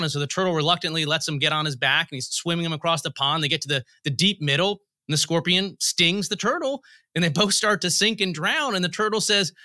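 A man's voice: fairly high pitch, fairly quick, sharp tone, dry recording, clean studio sound. A man being interviewed as a guest on a podcast, explaining policy and telling analogies as he goes. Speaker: guest, federal commissioner. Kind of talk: interview answers.

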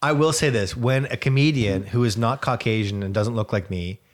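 A man co-hosting a podcast, chatting casually with his co-host. His voice sits at a medium pitch. He jokes around and tells stories. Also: moderate pace. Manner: joking, storytelling. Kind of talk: casual chat.

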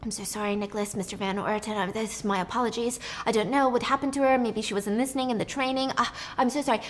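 A woman voicing a fawning head waiter who apologizes in a hushed, groveling way. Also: on the high side, fairly even intonation, fast, a little hiss or hum, close to an everyday voice.

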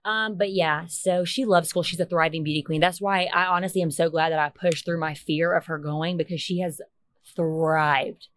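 A young woman co-hosting a podcast, gushing and chatting freely with a casual curse thrown in. Her voice sits a little low. It is recorded close and dry, with no room sound. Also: steady tone, moderate pace, no room sound. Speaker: podcast co-host. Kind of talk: casual chat.

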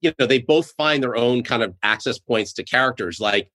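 A man's voice: medium pitch, normal speed, sharp tone. A man from Boston, a show co-creator, chatting eagerly in an interview with lots of "like" fillers. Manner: chatty, filler-heavy, enthusiastic. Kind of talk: casual interview chat.

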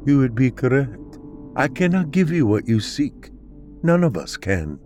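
A man voicing a disfigured ghost woman who speaks slowly and solemnly. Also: medium pitch, sing-song, a little mellow, faint music behind, voice pushed up. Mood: cold.

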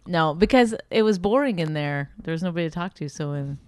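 Animated woman comedian telling stories. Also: a little fast, clear, resonant tone. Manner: animated storyteller, acts out quoted people in a high voice. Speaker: podcast co-host and comedian. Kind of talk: casual storytelling chat.

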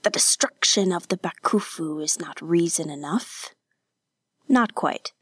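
A calm, mercenary ninja spy, voiced by a woman reading aloud. He bargains coolly and unhurriedly, his voice pitched a bit above the narration. The sound is dry and close. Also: measured pace, breathy edge, no echo, exaggerated voice. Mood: bargaining.

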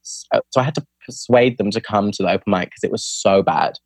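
In a casual storytelling interview, this young adult spoken word poet keeps dropping "like" and acts out what friends said. The voice is low and fairly quick, recorded with no echo.

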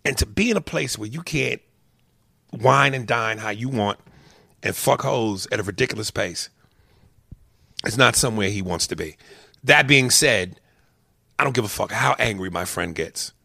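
A man telling a story as a heated, profane rant, swinging between loud outbursts and low muttered asides. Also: moderate pace, vocal fry, long pauses, no room sound, studio quality.

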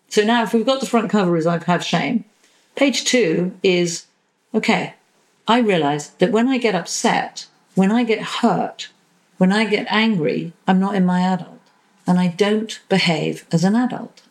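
A woman therapist talking in a podcast interview, animated, acting out quoted voices and swearing casually. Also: mid-range voice, low-quality recording. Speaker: psychosexual and relationship therapist, podcast guest.

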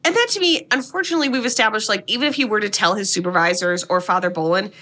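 Bright-voiced woman recapping a film. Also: mid-range voice, rapid-fire. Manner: animated, sarcastic storytelling with swearing. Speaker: podcast co-host. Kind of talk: casual movie recap chat.

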